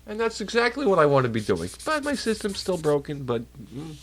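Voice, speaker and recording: A young male streamer rambles into his desk mic with a lively, bouncing pitch. He swears freely and jokes with his chat. His nose sounds a little stuffed and nasal. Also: brisk. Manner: rambling, profane, jokey, talks to chat. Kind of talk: casual chat on a livestream.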